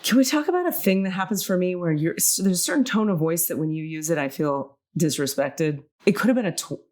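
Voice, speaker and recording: A woman podcast host telling a personal story in casual chat, animated and rambling, correcting herself and swearing casually. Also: on the low side, a little fast. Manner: animated, acts out quoted dialogue, swears casually; rambling, self-correcting, many fillers.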